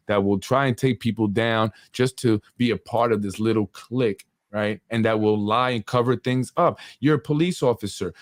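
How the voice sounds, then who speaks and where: A man's voice: mid-range voice, no echo, clean studio sound. A man hosting a political talk show, indignant and full of rhetorical questions. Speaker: host.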